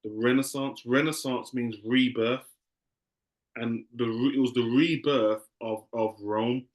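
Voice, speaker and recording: A man's voice: mid-range voice, fairly even intonation, takes it slowly. A man teaching a class in a loose, conversational way, often repeating himself.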